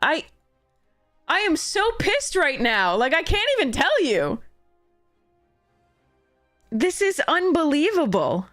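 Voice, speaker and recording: A woman's voice: high-pitched, big pitch swings, slow, long pauses, a bit bright, no echo, studio quality, soft background music. A woman streaming a card game, talking casually to her chat, exasperated and swearing freely as she rants at the game. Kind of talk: casual livestream commentary while gaming.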